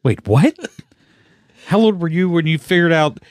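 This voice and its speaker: A man's voice: a little high, animated, normal speed. A man co-hosting a casual beer-tasting chat, joking, swearing and laughing often. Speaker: podcast co-host.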